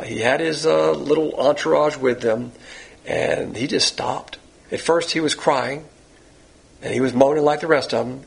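A pastor preaching a verse-by-verse sermon, a man who acts out the lines he quotes in an animated teaching manner. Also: on the high side, vocal fry, breathy edge.

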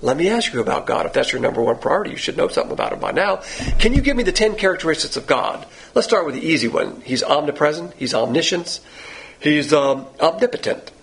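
A man's voice: a little high, lively intonation, quick pace, creaky, fairly bright tone, a little hiss or hum. A man preaching a sermon as a Bible teacher. He talks bluntly and with emphasis, firing off rhetorical questions. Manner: pointed, confrontational preaching.

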